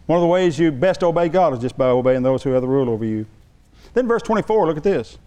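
Preaching as a pastor, a man tells an animated story, acting out the quoted voices. He speaks fast, in a voice on the high side.

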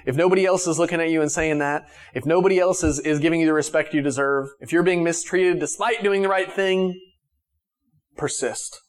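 A man with a slightly high voice delivers a sermon to his congregation. He talks casually, full of fillers and restarts, and moves from raised, emphatic lines to hushed, gentle ones. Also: a little fast. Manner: conversational preaching with restarts and fillers. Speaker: pastor.

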